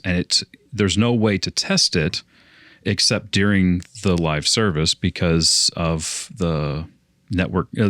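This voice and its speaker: Young male podcast co-host, very low voice, dry close sound, rambles and restarts a lot. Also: a bit bright, no echo. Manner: rambling storyteller with frequent restarts. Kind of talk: casual podcast chat.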